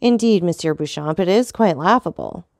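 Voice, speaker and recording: A woman reading the part of a cold, proud nobleman, in a calm, measured and ironic manner. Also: fairly low pitch, vocal fry, no room sound, studio quality. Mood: cool, disdainful. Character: cold, proud, unshakable male count.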